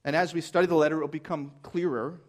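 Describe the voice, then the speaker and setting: A man's voice: on the high side, fairly even intonation, quick pace. A man preaching a sermon as pastor, earnest and emphatic, posing rhetorical questions to his listeners.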